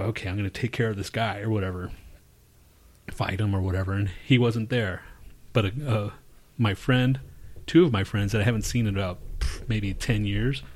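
A man co-hosting a podcast, telling a long, profane story in casual chat and bursting into shouted quotes. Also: on the low side. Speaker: podcast co-host.

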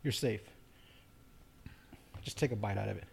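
Male podcast co-host, goading and teasing, deadpan when reading facts. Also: fairly low pitch, normal speed, vocal fry, slightly rough. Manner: teasing, goading, reads facts aloud flatly. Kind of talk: casual podcast banter.

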